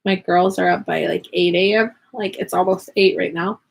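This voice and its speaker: A woman's voice: fairly low pitch, fairly even intonation, normal speed, vocal fry, breathy edge. A woman in her thirties talks through a live crafting stream from her home. Her chat is loose and rambling, full of fillers and little giggles, and she stays in easy conversation with the viewers. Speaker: vlogger and online teacher.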